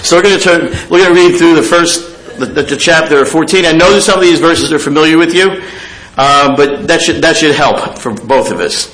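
A man's voice: a little high, normal speed, fairly bright tone, poor audio. A man with a nasal voice, speaking as a guest preacher in a church, giving a sermon and reading scripture aloud, with frequent fillers and restarts.

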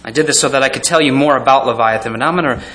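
A pastor preaches very fast in a bright, forward voice of middling pitch. Animated, he reads verses aloud and then chuckles often, thinking aloud with plenty of fillers and restarts.

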